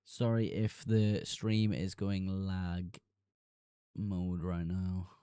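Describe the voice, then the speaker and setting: A man's voice: low-pitched, flat delivery, extremely slow, mellow, smooth, dry recording, clean studio sound. A young man streaming live, reading chat messages aloud and answering them casually.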